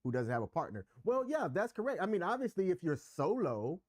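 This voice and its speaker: A man's voice: high-pitched, sing-song, brisk, no echo, studio quality. A man co-hosting a relationship podcast, talking candidly and with emphasis, explaining his views at length. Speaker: podcast co-host. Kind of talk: casual relationship chat.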